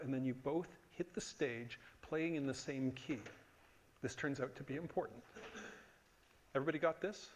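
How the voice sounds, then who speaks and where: A man's voice: a little high, a bit bright. A middle-aged man teaching a conference tutorial, emphatic and joking, often checking that the room agrees. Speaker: workshop instructor. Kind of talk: lively conference tutorial lecture.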